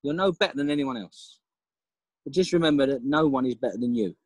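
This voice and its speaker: A man voicing his elderly grandfather with a Polish accent, giving calm advice in a husky voice. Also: mid-range voice, brisk, dry recording, lightly acted. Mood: earnest. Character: elderly grandfather, wise and gentle.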